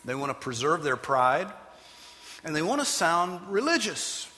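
A man preaching a sermon as pastor, animated and emphatic, sometimes putting on loud voices for the people he quotes. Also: a little high, unhurried, big-room sound.

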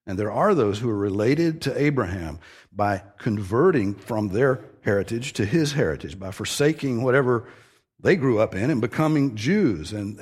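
Husky-voiced man preaching emphatically. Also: mid-range voice. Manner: emphatic, earnest teaching with repeated stressed phrases. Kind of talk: expository sermon.

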